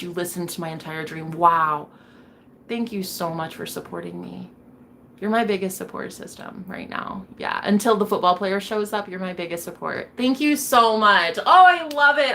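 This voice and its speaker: Woman streamer, casual chat with viewers, blunt, swears a lot, laughs often, middle pitch, faint background noise. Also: pushed and bright. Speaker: streamer reading viewer comments.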